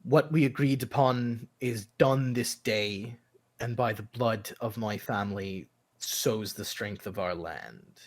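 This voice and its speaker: A man voicing a cold, stern older father who speaks in a hushed, grave, measured way. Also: on the low side. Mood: solemn.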